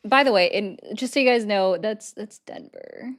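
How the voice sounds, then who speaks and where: A woman hosting a casual live-stream chat, talking in a chatty, sarcastic way with quick asides. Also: mid-range voice, expressive. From United States. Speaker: host.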